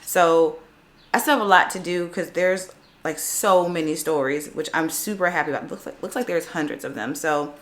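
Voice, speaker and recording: A woman's voice: lowish voice, normal speed, a bit bright. A woman talking casually in a vlog about learning a language, sounding out words as she goes. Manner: chatty, self-narrating, sounding out words aloud. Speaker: vlogger learning French.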